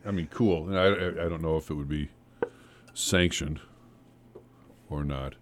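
A man's voice: a bass voice, a little slow, a little hiss or hum. A man hosting a local radio interview in a casual, jokey and chatty manner. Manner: jokey, chatty, laughs often. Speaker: radio host.

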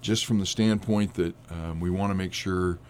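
A hoarse man with a cold, an accountant guest on a radio show, talking casually with frequent restarts. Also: sits low, steady tone, darkish tone, a little hiss or hum. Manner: halting, many restarts.

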